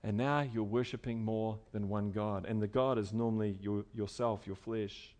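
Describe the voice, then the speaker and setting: A man preaching a sermon in a conversational way, dropping to soft asides and rising to loud, emphatic stretches. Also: lowish voice, fairly even intonation, moderate pace. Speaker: pastor.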